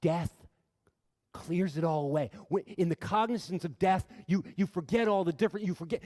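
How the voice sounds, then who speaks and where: A man giving an impassioned talk to an audience in a large room. He tells stories earnestly, building to loud, emphatic bursts and then dropping quiet. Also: sits high, normal speed. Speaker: speaker addressing an audience. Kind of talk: impassioned public talk with storytelling. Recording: reverberant hall sound.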